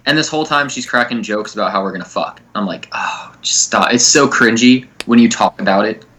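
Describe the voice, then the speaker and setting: Young male podcast co-host, bright forceful voice, rambling and crude casual storytelling. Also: on the low side, fast.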